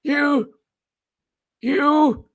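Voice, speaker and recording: A man's voice: very high voice, steady tone, very slow, gravelly, fairly bright tone, pitched above the performer's own voice, full character voice. A man putting on the voice of an elderly male senator who sputters and repeats himself. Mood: indignant.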